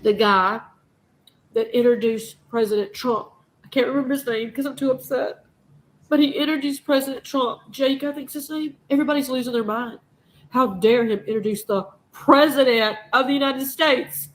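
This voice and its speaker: A woman's voice: sits high, steady tone, normal speed, low-quality recording. A woman vlogger delivering an impassioned, profane rant straight to her audience. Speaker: news vlogger. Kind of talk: emotional monologue to camera.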